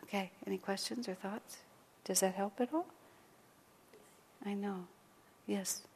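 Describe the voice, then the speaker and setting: Soft-spoken woman teaching in a reverberant hall. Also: mid-range voice, fairly even intonation, unhurried, gravelly, a little hiss or hum. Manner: gentle, conversational, drops to near whispers. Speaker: spiritual teacher. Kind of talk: informal spiritual talk to a group. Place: room with a small group.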